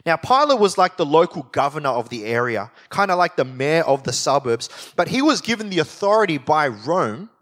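A man's voice: on the high side, sing-song, fairly quick, few pauses, fairly bright tone. A man teaching a Bible study in sermon style, explaining with emphasis and reading scripture aloud.

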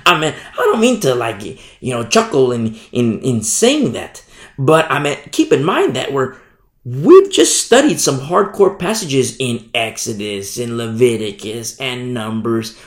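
A man's voice: mid-range voice, very animated, a little slow. A man preaching a sermon as pastor, emphatic and repetitive, often asking his listeners "you see?". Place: church hall. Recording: echoey room.

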